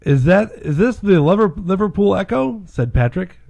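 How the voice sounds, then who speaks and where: A man co-hosting a casual talk show, chatting and telling jokes in an animated way. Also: sits high, moderate pace, gravelly. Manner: animated, gets loud and lively telling jokes. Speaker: podcast co-host. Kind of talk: casual chat and joke telling.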